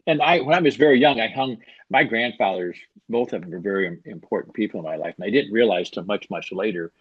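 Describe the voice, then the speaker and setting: A man's voice: on the low side, quick pace, husky, dry recording, dull audio. A man in his sixties, a writer guest talking casually in an interview, with dry, wry humor. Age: 60s. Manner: dry, wry, self-deprecating storyteller. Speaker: author guest.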